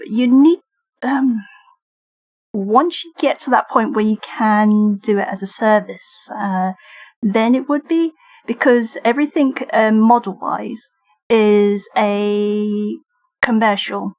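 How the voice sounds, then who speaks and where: A British woman chats at an unhurried pace on a livestream, her pitch sitting mid-range for a woman. She giggles often as she talks through her drawing work. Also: a little mellow. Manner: giggly, talks while drawing and reading chat. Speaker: streamer and digital artist. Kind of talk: casual livestream chat.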